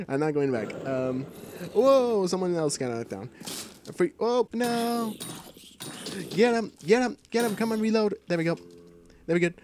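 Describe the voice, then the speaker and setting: A man giving excitable, live gameplay commentary, often repeating short calls. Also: on the high side. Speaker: gamer. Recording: noisy home recording.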